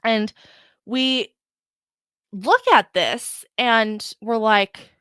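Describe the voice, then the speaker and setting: A woman's voice: fairly high pitch, very slow, pauses often, fairly bright tone, clean tone, no room sound. A woman hosting her own podcast in a chatty, emphatic style, often breaking off and restarting her thoughts, speaking close to a podcast mic. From Ireland. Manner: chatty, emphatic, self-interrupting. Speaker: podcast host. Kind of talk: casual solo podcast talk with reading aloud.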